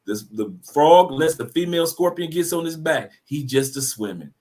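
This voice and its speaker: A man holds forth in a casual talk, slangy and animated, stacking up repeated words as he builds his point. His voice sits somewhat high for a man. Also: normal speed. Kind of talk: casual discussion, storytelling.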